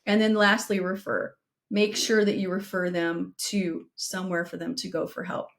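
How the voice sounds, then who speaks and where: Her lowish voice shows little pitch movement and some vocal fry. As a middle-aged podcast co-host, she speaks earnestly and directly, offering advice and recounting a painful personal story, and slows down to emphasize points.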